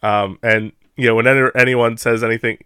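Relaxed male co-host, mid voice, dry close recording, chuckles through his asides. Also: medium pitch, smooth, dry recording. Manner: easygoing, chuckling, quick asides. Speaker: podcast co-host. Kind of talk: casual chat.

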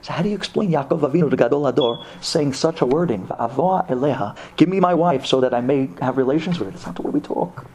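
A man giving a sermon in an animated storytelling manner, dropping to low asides and rising to high exclamations. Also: fast, hardly any pauses. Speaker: rabbi giving a Torah talk.

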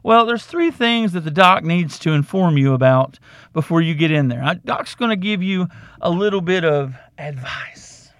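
A man's voice: on the high side, expressive, fairly bright tone, no echo, clean studio sound. A man hosting a podcast, giving a comic advice monologue in which he calls himself "the Doc" and lectures with lots of repetition. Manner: repeats himself, drawn-out emphasis. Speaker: podcast host.

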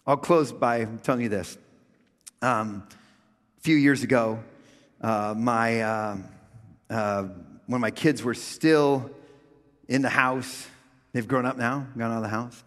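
A middle-aged male pastor preaching with comic storytelling, swinging from loud funny voices to quiet reflection. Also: medium pitch, slow, pauses often. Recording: long hall reverb.

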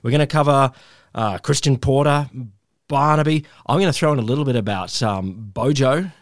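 A man's voice: mid-range voice, normal speed, dry recording. An Australian man hosting a casual politics podcast, loose and jokey, rambling and swearing, on a close mic. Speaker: podcast host.

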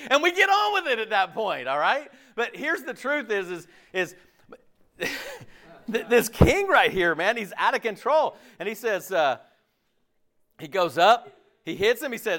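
A pastor giving a casual, jokey sermon, asking the audience questions and laughing often. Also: male voice, high-pitched, sing-song, a little slow, fairly bright tone.

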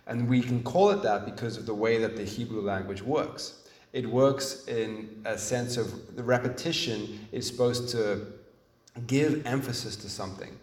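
A man preaching a sermon in an earnest, emphatic way, restarting phrases and pausing as he thinks. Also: mid-range voice, a little mellow. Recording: echoey room, mic at a distance.

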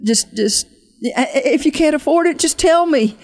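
A woman's voice: high voice, animated, a little mellow. Earnest woman preaching a testimony. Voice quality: earnest, halting, with frequent restarts. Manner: fervent preaching cadence, slows for emphasis. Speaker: ministry leader and guest. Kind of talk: emotional testimony and altar call.

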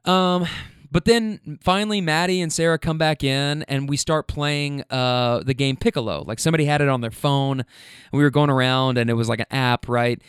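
A man's voice: mid-range voice, normal speed, clean tone, no room sound, clean studio sound. A young man telling a rambling, casual story with many restarts and frequent swearing.

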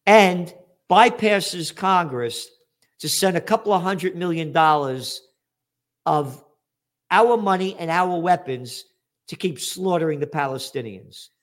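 A man's voice: on the high side, lively intonation, measured pace. A male host in heated political chat, impassioned and sarcastic.

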